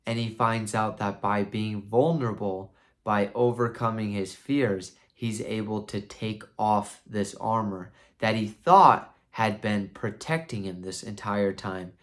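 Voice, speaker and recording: A man's voice: lowish voice, unhurried. A man casually and enthusiastically retelling a book for a review, rambling with many restarts.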